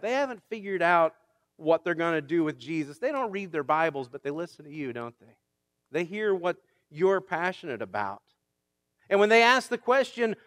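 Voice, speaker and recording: A man, a pastor, preaching a sermon in a conversational way that builds to emphatic shouts. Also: sits high, lively intonation, normal speed, no echo, studio quality.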